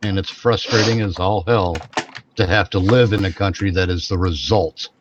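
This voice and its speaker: A man's voice: sits low, fairly even intonation, moderate pace, lo-fi sound, background noise. A man co-hosting a podcast in casual chat, rambling, repeating and restarting his phrases as he goes. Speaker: podcast co-host.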